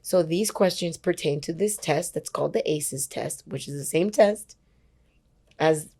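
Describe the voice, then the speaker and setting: A woman's voice: sits low, a little slow, breathy edge. A young woman in her twenties, a worship leader guest on a podcast, telling a personal story in casual chat and acting out what other people said. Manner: animated storyteller who acts out quoted dialogue; chatty, uses many fillers like "like" and "whatever".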